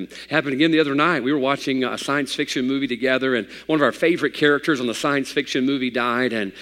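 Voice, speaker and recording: A man's voice: medium pitch, fast talker, few pauses, fairly bright tone. Male pastor, folksy storyteller who builds to fervent preaching; church hall with long reverb. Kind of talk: sermon.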